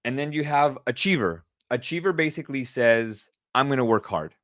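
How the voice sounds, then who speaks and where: Casting: middle-aged male podcast host, mid pitch, excitable and repetitive, dry close sound. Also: moderate pace, dry recording. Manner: energetic, excited, repeats himself. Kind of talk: casual solo podcast talk.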